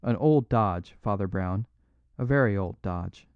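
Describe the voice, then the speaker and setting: A man's voice: lowish voice, a little slow, smooth, dry recording. A man reading an audiobook, voicing a bold, mocking male master thief in a dry, dull recording. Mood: gloating. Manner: mocking, boisterous.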